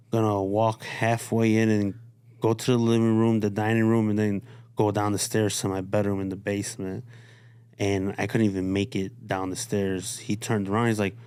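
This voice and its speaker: A man from Chicago telling a story in relaxed, casual conversation. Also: lowish voice, clean tone, dry recording. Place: studio.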